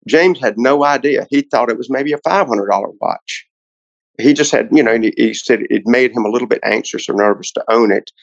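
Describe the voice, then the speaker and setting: A man's voice: medium pitch, a little fast, vocal fry, no room sound, dull audio. A man, a car collector guest on a podcast, telling a long story in a casual, rambling way with many restarts.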